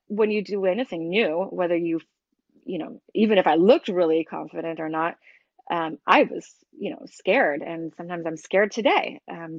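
A woman's voice: on the low side, no room sound. A middle-aged woman from the United States, a breathwork teacher talking candidly and animatedly as an interview guest, with many restarts. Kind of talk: casual interview talk. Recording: dull, dry lo-fi sound.

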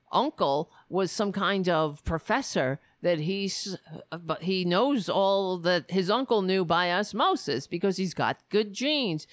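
A woman hosting a political show, telling a story in an animated, profane rant and quoting both sides of an argument. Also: fairly low pitch, dry recording, studio quality. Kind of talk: casual ranting commentary.

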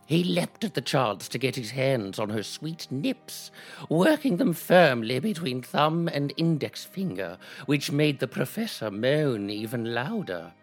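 A prim, plummy old English dame as a comedian puts her on reads out fan fiction in a slow, deadpan drawl. The husky voice rises and dips widely, with faint music playing behind. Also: mid-range voice. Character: posh elderly English actress, prim and genteel. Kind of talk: deadpan comic reading.

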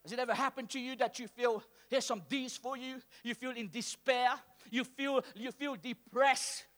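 A male pastor preaching a call-and-response sermon to a church congregation, swinging between soft asides and shouting. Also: very high-pitched, steady tone, normal speed.

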